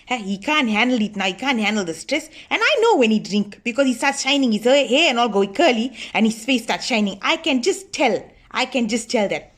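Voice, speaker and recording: A woman's voice: on the high side, lively intonation, brisk, few pauses, a bit bright. A woman playing a bossy older auntie who chats to viewers in a comic monologue, scolding and gossiping about her lazy husband. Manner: chatty, gossipy, scolding, addresses viewers as y'all. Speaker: comedy sketch character.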